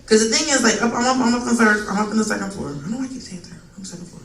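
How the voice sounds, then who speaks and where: A woman performing a profane, animated stand-up set on a live comedy club stage. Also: on the high side, racing. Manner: profane, animated, acts out quoted voices. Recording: echoey room, distant mic, crowd noise. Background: audience laughter.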